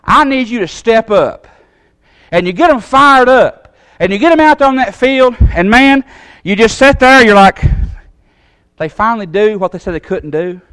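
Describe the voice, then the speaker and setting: A man preaching a sermon in a Southern American accent, folksy and animated, acting out the voices he quotes. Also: high-pitched, moderate pace, clear, resonant tone, dry recording. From Southern United States.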